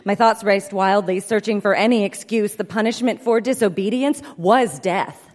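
A woman performing a comic story reading live, in a brisk, deadpan manner, heard in an echoey hall. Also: mid-range voice. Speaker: comedic storyteller.

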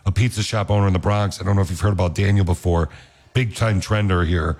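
A man's voice: sits low, steady tone, quick pace, darkish tone. A man hosting a radio show, talking enthusiastically in a casual chat style. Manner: enthusiastic, repeats praise. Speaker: radio host. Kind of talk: upbeat morning radio chat.

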